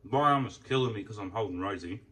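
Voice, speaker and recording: A man's voice: fairly low pitch, fast, fairly bright tone, recorded from a distance, low-quality recording. A man chatting casually about food as he eats, rambling and swearing freely. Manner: rambling, swears freely, talks while eating. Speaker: food vlogger. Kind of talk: casual mealtime chat.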